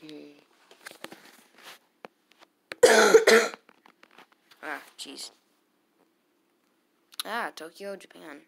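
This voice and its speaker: Excitable muttering woman commentating her gameplay. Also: on the low side, unhurried, pauses often. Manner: excitable, muttering, bursts into loud cheers. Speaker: gamer commentating own battles.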